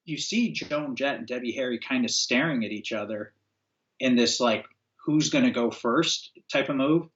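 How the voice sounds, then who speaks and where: A man's voice: mid-range voice, normal speed. A man from upstate New York spins a long anecdote in easy, casual conversation. He acts out the voices of people in the story and leans on fillers. His voice sits mid-range, and the audio is dull and lo-fi. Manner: animated storyteller, acts out quotes, frequent fillers. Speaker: guest, former record label owner. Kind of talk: casual anecdote-telling interview.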